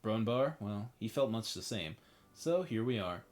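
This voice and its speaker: A man voicing a loyal male warrior companion in a game, reading the lines in a rough folksy put-on accent. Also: fairly low pitch, lively intonation, measured pace, darkish tone. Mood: steady, loyal. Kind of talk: reading game dialogue aloud in character.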